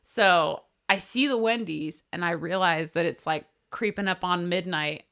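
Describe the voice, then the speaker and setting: A woman's voice: on the low side, measured pace, creaky, fairly bright tone. A woman co-hosting a podcast, telling a rambling, laugh-filled story in casual chat, swearing freely. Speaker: podcast co-host.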